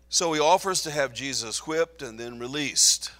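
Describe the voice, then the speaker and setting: A man's voice: mid-range voice, moderate pace, few pauses, fairly bright tone, big-room sound. A man teaching through a Bible passage, reading scripture aloud with rising emphasis. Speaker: preacher.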